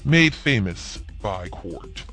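A man playing a gruff, low-voiced grouchy rogue. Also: big pitch swings, slow, pushed and bright, soft background music, heavily acted. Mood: indignant. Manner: gruff, sarcastic, threatening. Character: grumpy, sardonic male rogue character. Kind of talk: comedic podcast sketch.

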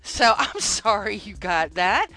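A woman's voice: mid-range voice, very animated, takes it slowly, pushed and bright. A woman hosting a gaming podcast, chatting casually, laughing often and mocking trolls. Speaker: podcast host.

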